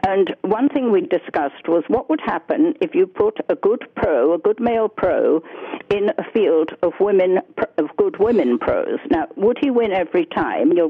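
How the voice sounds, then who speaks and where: A woman's voice: on the low side, animated, normal speed, husky, dry recording. A woman guest golf writer talking conversationally by phone in a radio interview. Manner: laughs easily, conversational. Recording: tinny phone line.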